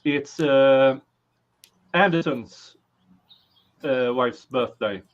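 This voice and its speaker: Swedish guy hosting a stream, reading super chats, slow and kinda high, muffled lo-fi audio. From Sweden. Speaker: stream host. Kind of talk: casual chat, reading donations.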